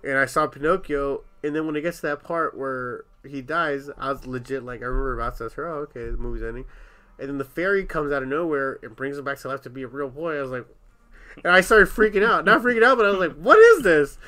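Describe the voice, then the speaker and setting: A young man on a podcast, telling an animated story in casual chat, swearing freely and laughing often. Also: medium pitch, fast talker. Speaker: podcast co-host.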